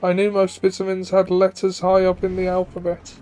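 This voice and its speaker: Dry, flat-voiced male co-host. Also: sits high, a little fast, smooth. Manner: dry, rambling musings. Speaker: co-host of a game stream. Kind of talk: casual let's-play commentary.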